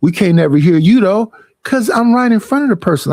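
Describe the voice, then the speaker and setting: A young man talks at an unusually high pitch for a man, swearing freely as he vents in a casual streaming rant. The sound is dry and close, with no room around it. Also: brisk, no room sound. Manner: profane, animated complaining.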